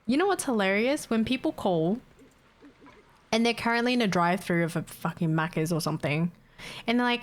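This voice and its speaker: A young woman streams and talks straight to her viewers, blunt and foul-mouthed as she rants. Her voice sits at an ordinary middle pitch, and she speaks in loose, casual chat. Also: expressive, fairly quick. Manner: blunt, swears freely, ranting and laughing. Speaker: livestreamer.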